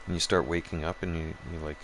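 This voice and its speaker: A man's voice: low-pitched, flat delivery, fast talker, fairly bright tone, slight background noise. A man hosting a gaming channel, ranting profanely in casual chat and talking straight to his viewers. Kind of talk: casual rant while streaming a game.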